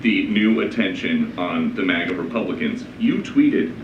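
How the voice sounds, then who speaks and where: A man's voice: low-pitched, normal speed, muffled recording. A man reporting from a press briefing, asking pointed, persistent questions. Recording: roomy, distant, noisy briefing room.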